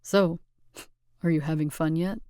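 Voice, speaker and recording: A woman's voice: deep voice, steady tone, a little slow, mellow, clean tone, no echo, studio quality. Woman doing a charming teenage boyfriend.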